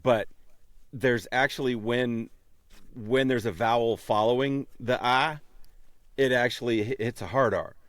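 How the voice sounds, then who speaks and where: A man's voice: medium pitch, fairly even intonation, unhurried, no room sound. A man co-hosting a casual interview show, rambling and repeating himself as he talks. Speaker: co-host.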